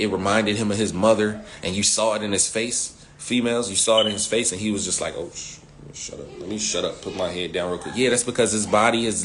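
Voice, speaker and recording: Male sales coach, lowish voice, animated slangy delivery, repeats catchphrases, faint noise. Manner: animated, repeats key phrases, uses slang.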